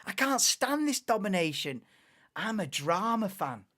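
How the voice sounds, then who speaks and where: A young woman hosting a live watchalong stream, chatting in a rambling, excitable way and laughing often. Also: medium pitch, measured pace. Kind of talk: casual live watchalong chat.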